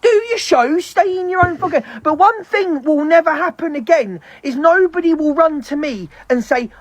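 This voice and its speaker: A woman's voice: high-pitched, no room sound, lo-fi sound. A woman on a live stream, venting in a heated, profane rant. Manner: heavy swearing, fast heated ranting.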